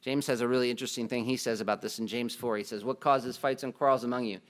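A man's voice: medium pitch, steady tone, fast talker. A man preaching a sermon as pastor, in a conversational way, asking the congregation questions and adding joking asides.

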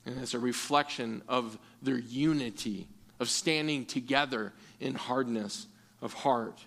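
A man's voice: mid-range voice, measured pace, gravelly, a bit bright. A man preaching a sermon in an earnest way, often repeating words as he restarts. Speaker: pastor.

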